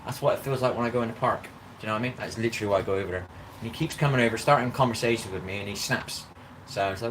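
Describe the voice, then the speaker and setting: Outdoors in a park, a male vlogger with a mid-range, slightly bright voice rambles quickly through a casual live-stream chat, words tumbling out in a rush. He keeps returning to "do you know what I mean," with a faint hum of outdoor ambience behind him.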